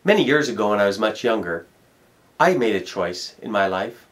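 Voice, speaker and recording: A man's voice: lowish voice, expressive, normal speed, a bit bright. A middle-aged man, a motivational speaker, giving an emphatic self-help talk and repeating key words for effect. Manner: storytelling.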